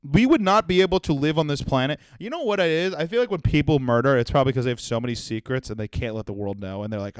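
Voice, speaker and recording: A young man from Florida, a comedian hosting his own podcast, ranting in a loud, profane, animated way and acting out little voices. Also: medium pitch, quick pace, hardly any pauses, clean tone, no echo. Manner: animated, profane, yelling rant with acted-out voices. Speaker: comedian host.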